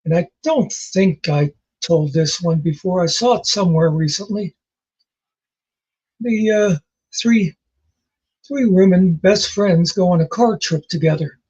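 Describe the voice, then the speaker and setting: A man's voice: high voice, measured pace, a little mellow, husky, lo-fi sound. A man casually telling jokes as host, rambling and folksy in his storytelling.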